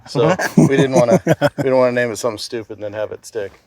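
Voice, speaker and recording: A man's voice: medium pitch, fast, a loud crowd. A man who manages a golf resort project, talking plainly in casual chat.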